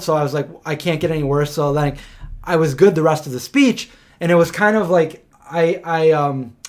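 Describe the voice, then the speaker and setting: A man hosting a livestream, telling stories in a casual, rambling way, full of fillers and animated retellings. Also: on the high side. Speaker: host of a livestream. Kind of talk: casual storytelling chat.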